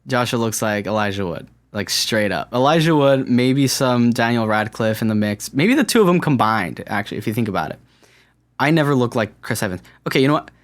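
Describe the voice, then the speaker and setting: A man's voice: mid-range voice, animated, a little fast. Rambling solo podcast man. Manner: rambling and self-deprecating, many fillers. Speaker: podcast host. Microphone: camera-recorded podcast setup.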